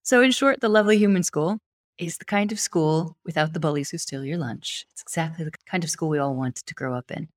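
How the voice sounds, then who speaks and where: A woman's voice: sits low, fairly quick. A woman from Wyoming hosting a podcast, introducing her guest in an enthusiastic, gushing way. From Wyoming, USA. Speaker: podcast host. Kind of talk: podcast introduction and interview chat.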